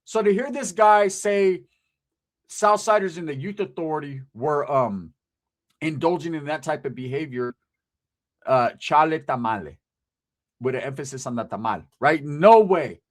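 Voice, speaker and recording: A man's voice: a little high, moderate pace. A man speaking, hosting his channel in a blunt, emphatic monologue full of street slang and swearing. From Southern California. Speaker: channel host. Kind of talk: casual monologue to camera.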